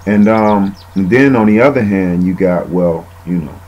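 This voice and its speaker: A man's voice: deep voice, normal speed, a little mellow, muffled recording. A man giving a casual, rambling bible teaching, often saying "man" and using fillers.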